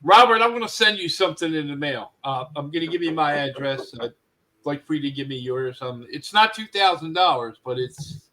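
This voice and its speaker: A man's voice: a little high, lively intonation, a little fast, sharp tone, rough recording. A man hosting a podcast in casual chat, easygoing in his manner. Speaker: podcast host.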